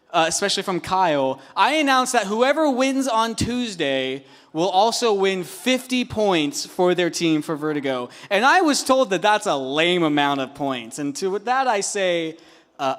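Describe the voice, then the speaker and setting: A man's voice: sits high, fairly bright tone. A man, a youth pastor, making joking, rambling church announcements on a handheld microphone in a church auditorium. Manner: joking, rambling, with many fillers and restarts. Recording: long reverb of a large hall.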